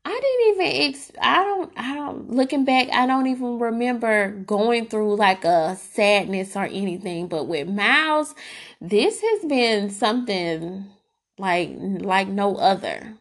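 Expressive and measured, a young woman with a medium-pitched voice hosts a podcast. She relates personal stories casually and candidly, with fillers and restarts along the way.

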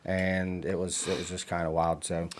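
A man's voice: low-pitched, little pitch movement, moderate pace. A man telling a story in casual chat.

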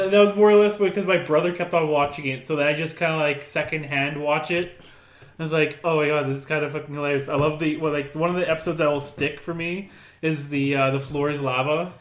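A young man in casual chat, recalling favourite shows with quick enthusiasm. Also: on the high side, steady tone. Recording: echoey room.

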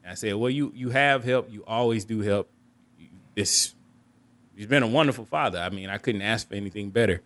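A man's voice: brisk, a bit bright. A young man on a podcast telling a candid, reflective personal story, often restarting his sentences and raising his voice to act out family members. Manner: candid, reflective, acts out quoted family members with raised pitch; frequent restarts and repeated words. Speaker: podcast host.

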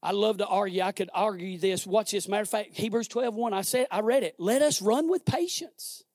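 A male pastor preaching a sermon in a conversational, exhorting way, swinging from hushed words to shouted emphasis. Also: high voice, fairly even intonation, fairly quick, no echo, clean studio sound. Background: instrumental music underneath.

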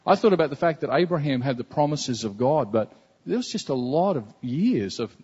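A man's voice: medium pitch, mellow, breathy edge. A man preaching a sermon as a pastor, earnest and conversational, often repeating himself. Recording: dull, reverberant hall recording.

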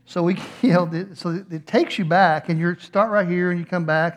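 A middle-aged man, a pastor preaching a sermon and telling a funny story with animated, playful acted-out voices. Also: sits high, brisk, few pauses.

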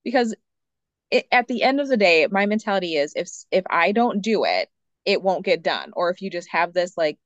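A woman who is a social worker and mediator, chatting casually on a panel with energetic, quick bursts of speech. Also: fairly low pitch, dry recording, dull audio.

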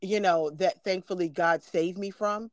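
A woman's voice: fairly low pitch, fairly even intonation, a little slow, no echo. A middle-aged woman co-hosting a casual podcast chat as a mother, talking earnestly with lots of "you know" fillers and easy laughter.

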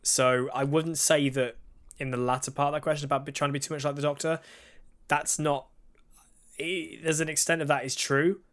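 A man's voice: on the high side, little pitch movement, moderate pace, a bit bright. A man co-hosting a podcast in casual chat, answering listener questions conversationally. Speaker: podcast co-host.

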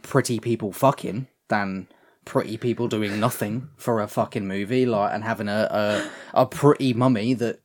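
A man's voice: on the low side, steady tone, moderate pace. A man co-hosting a podcast, chatting casually and swearing while reviewing a film. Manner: laid-back, sweary, laughing often. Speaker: podcast co-host.

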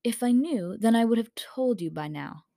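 A woman's voice: on the high side, lively intonation, moderate pace, creaky, dark tone, dry recording. A short-tempered girl who snaps out clipped answers, played by a woman reading a storybook aloud. The voice is close and dry, with no room around it. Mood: irritated.

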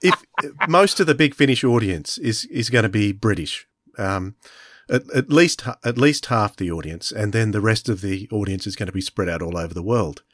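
A man's voice: lowish voice, expressive, moderate pace, fairly bright tone, dry recording, clean studio sound. A man, co-hosting an interview, enthusiastic and reassuring, stumbling a little over his words. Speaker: podcast co-host. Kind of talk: conversational interview.

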